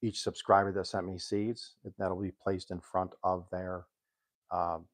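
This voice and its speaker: An older man casually chatting on a cooking live stream, rambling and pausing with ums as he reads aloud. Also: deep voice, level tone. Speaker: home cook hosting a live stream.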